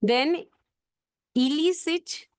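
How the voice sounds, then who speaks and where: A woman teaching an exam-prep English vocabulary lesson, spelling words out letter by letter and slowing down to show where the stress falls. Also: high voice, dry recording.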